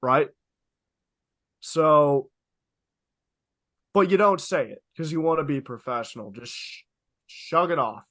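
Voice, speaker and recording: A young man co-hosting a podcast, telling stories in an animated, emphatic way, swearing freely and repeating lines for effect. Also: on the high side, takes it slowly, long pauses, no room sound, clean studio sound. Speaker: podcast co-host. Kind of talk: casual podcast storytelling.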